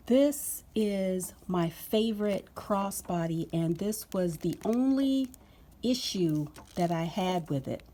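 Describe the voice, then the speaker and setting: Woman, unboxing vlog, slow unhurried talk, gushing and excitable, casual chat to camera. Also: on the low side. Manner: gushing, excitable, drawn-out exclamations. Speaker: vlogger.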